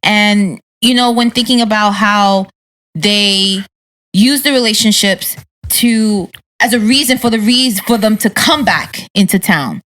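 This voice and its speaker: Woman, podcast co-host, casual chat, enthusiastic, mid pitch. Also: measured pace, fairly bright tone.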